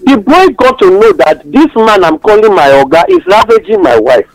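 A man's voice: high voice, huge pitch swings, moderate pace, no room sound, faint music behind, rough recording. A man with a Nigerian accent giving passionate radio talk-show commentary, mixing English with Pidgin and telling stories. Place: radio studio.

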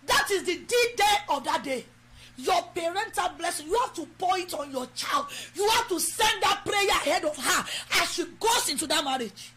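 A woman's voice: very high voice, animated, moderate pace, bright, forceful tone, slight background noise. A woman with a Nigerian accent preaching a sermon and leading prayer, emphatic and exhorting. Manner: emphatic, exhorting, switches into Yoruba. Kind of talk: sermon with prayer over a live stream.

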